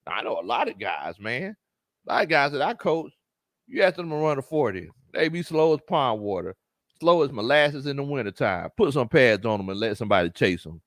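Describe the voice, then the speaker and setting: Lively man chatting sports. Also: mid-range voice, brisk, dry recording, clean studio sound. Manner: laughs often, Southern slang, animated reactions. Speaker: sports show host and coach. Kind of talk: casual livestream chat reading comments.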